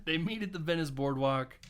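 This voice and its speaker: A man co-hosting a film podcast, recapping scenes in casual chat, laughing often and acting out lines in put-on voices. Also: fairly high pitch. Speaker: podcast co-host.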